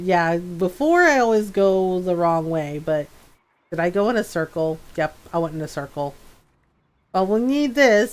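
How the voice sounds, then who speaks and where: A woman streaming a game, chatting casually with frequent laughs and mocking character impressions. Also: mid-range voice. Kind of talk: casual commentary while playing.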